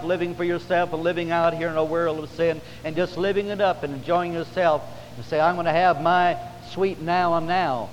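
A male pastor preaching a revival sermon in a church service, building to fervent, drawn-out emphasis. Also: a little high, dull audio. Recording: long hall reverb with faint hum.

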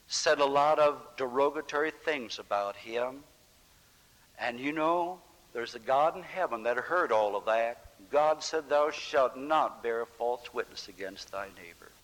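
A man preaching a sermon with impassioned, dramatic swings in pitch and loudness, acting out scripture voices. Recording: long hall reverb.

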